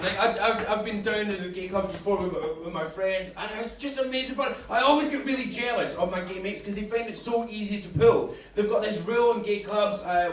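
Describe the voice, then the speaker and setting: A man's voice: high-pitched, slight background noise. A man doing a stand-up comedy set on a club stage, brash and cheeky as he teases the crowd. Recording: echoey club from a distance, loud audience laughter.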